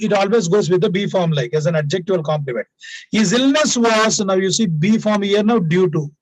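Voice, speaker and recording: High-voiced man teaching grammar. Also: dry recording, poor audio. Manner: explains by example, often tags lines with "now" and "please"; repeats key points for emphasis. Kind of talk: classroom grammar lesson.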